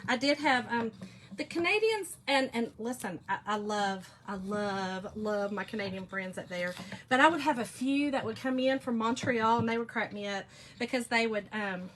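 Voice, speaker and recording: Crafting on a livestream, a Southern US woman talks animatedly to her viewers as "y'all," spinning stories and laughing a lot. Her voice is a little high and fairly bright at a moderate pace, with slight background noise.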